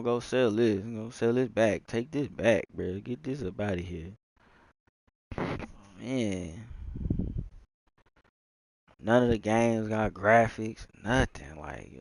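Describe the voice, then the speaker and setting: A man's voice: fairly low pitch, slow pace, creaky, pauses often, a little mellow, no echo. A young man from Texas, rambling casually into his mic with lots of fillers, sighs and swearing. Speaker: gamer streamer.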